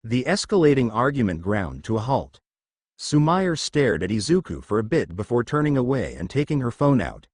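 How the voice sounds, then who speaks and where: A man's voice: mid-range voice, dry recording, clean studio sound. A man narrating a fan fiction story as an audiobook, reading every character's lines in the same voice. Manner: reads all characters' dialogue in the same even voice.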